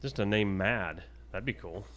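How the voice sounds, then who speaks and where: A man's voice: fairly low pitch, a bit bright. Laid-back male co-host. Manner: laid-back, quick reactions and laughs. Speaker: morning show co-host. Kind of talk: casual radio show banter.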